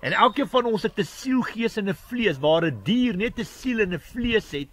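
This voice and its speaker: A man preaches in an earnest, steady teaching manner. His voice is pitched high for a man, and he builds his points through long, explaining runs of speech. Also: normal speed. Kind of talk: spoken sermon.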